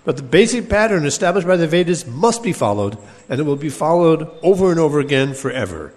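A man's voice: fairly high pitch, lively intonation, a little mellow. Man teaching scripture in an echoing hall. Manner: measured, explanatory, pauses to reread quoted verses. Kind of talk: scripture class lecture. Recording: long hall reverb.

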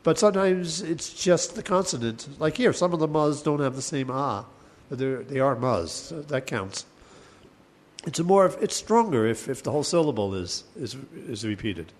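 Male teacher, slightly high voice, hesitant, chants verses slowly. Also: expressive. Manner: halting, thinks aloud, chants verses slowly. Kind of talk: class lecture on Sanskrit poetics.

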